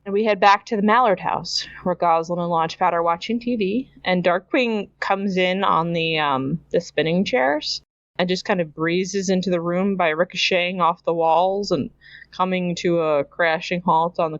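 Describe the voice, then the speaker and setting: Speaking at a normal speed in a lowish voice, a woman from Canada recaps a cartoon episode on her podcast in a chatty way. Frequent laughter and character impressions mark her quotes, and the lo-fi recording has no echo.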